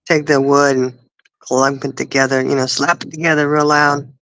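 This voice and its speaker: A woman's voice: extremely low pitch, level tone, normal speed, a bit bright, no echo, poor audio. Woman laughing thru a story on a live chat, dry close sound. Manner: giggly storyteller, laughs often. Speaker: livestream co-host. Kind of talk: casual chat.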